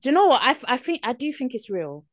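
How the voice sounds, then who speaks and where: A young woman co-hosting a podcast, agreeable and quick to laugh. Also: high-pitched, very animated, dry recording, clean studio sound. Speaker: podcast co-host. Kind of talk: casual chat.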